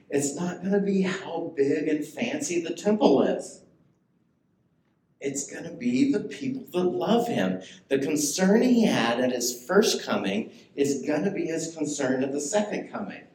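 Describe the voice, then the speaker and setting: Lively conversational male pastor preaching. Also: on the high side, measured pace. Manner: conversational, asks the congregation questions. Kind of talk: sermon. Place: church sanctuary. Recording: echoey church room, faint ambience.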